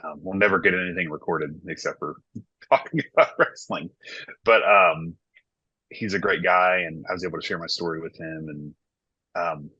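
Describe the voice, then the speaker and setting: Deep, forceful-voiced man in his thirties. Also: moderate pace, slightly rough, no echo. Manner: candid, reflective. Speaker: worship pastor. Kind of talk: casual podcast conversation. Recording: dull lo-fi dry sound.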